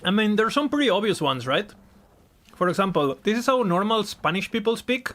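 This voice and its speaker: A man's voice: high voice, big pitch swings, fairly quick, a bit bright. A young man chatting casually while streaming a game, rambling, swearing and laughing often.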